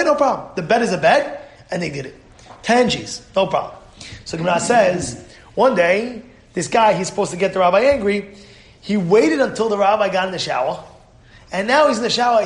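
A man, a rabbi, giving a Torah class, telling stories with acted-out voices. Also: high voice. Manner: animated storyteller acting out voices. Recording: echoey room.

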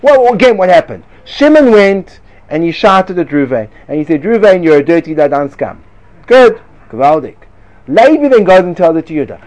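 A man's voice: high-pitched, sing-song, normal speed, darkish tone. Man firing rhetorical questions in a Talmudic debate. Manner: argumentative, fires rhetorical questions; sprinkles Hebrew and Yiddish yeshiva terms. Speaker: Torah teacher. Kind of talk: lively Talmudic-style discussion.

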